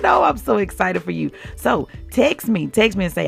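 A woman's voice: medium pitch, very animated, normal speed, gravelly, few pauses, slightly rough, soft background music. A woman hosting a Christian devotional podcast, exuberant and laughing as she calls out to her listeners.

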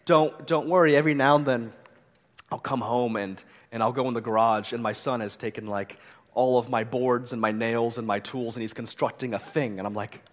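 A middle-aged man preaches a sermon at an ordinary pitch, earnest and conversational, blending scripture with light humor. His voice rings out with the long reverb of a large hall. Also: fairly even intonation, a little fast. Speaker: pastor.

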